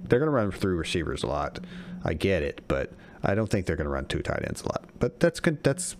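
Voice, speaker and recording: Man, low voice, sports podcast co-host, confident, casual. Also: big pitch swings, a little fast, gravelly, slight background noise. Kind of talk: casual fantasy football chat.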